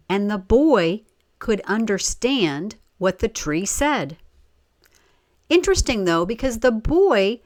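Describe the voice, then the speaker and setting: A woman reading a children's story aloud in an expressive way, stopping to ask the listener questions. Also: mid-range voice, no echo. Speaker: story reader.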